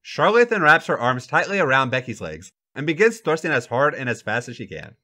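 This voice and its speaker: A man hosting a podcast, reading a fan fiction story aloud with an animated, dramatic delivery. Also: medium pitch, a little fast.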